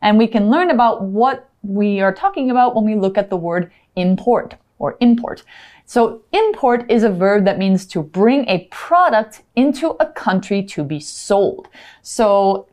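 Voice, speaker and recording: A woman's voice: medium pitch, lively intonation, measured pace, a little mellow. A woman co-hosting an English lesson, explaining words with casual everyday examples. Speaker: English teacher co-host.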